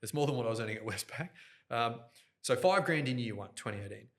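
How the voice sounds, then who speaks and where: A middle-aged man, an event host telling his story as a guest in an animated podcast interview. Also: mid-range voice. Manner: energetic, fast, jokey, talks with his hands toward the mic. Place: podcast studio. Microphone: directional studio microphone.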